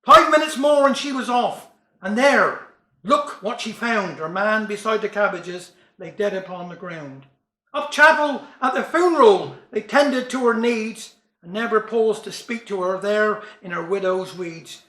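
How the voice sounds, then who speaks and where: A man's voice: high-pitched, unhurried, sharp tone, roomy sound. A man reciting comic verse and jokes in broad dialect with a wry delivery. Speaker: storyteller.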